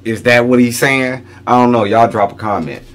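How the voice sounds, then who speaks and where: A man's voice: mid-range voice, normal speed, over loud music. A middle-aged man hosting a reaction video, talking casually, repeating lines back to himself and chuckling as he muses over them.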